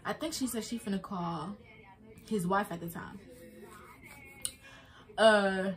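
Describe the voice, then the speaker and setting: A woman's voice: mid-range voice, slow, faint music behind. Young woman telling a sad story, casual. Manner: casual, emotional retelling with many fillers. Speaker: vlogger. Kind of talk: personal storytime.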